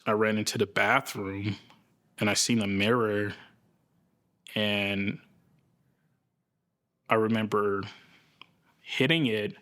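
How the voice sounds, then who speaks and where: A man speaks in a documentary interview, slow and halting, often pausing to find the right word. His voice sits low and his pace is unhurried. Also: a bit bright. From United States. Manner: slow, halting, searching for words. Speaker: interviewee recounting a psychosis episode.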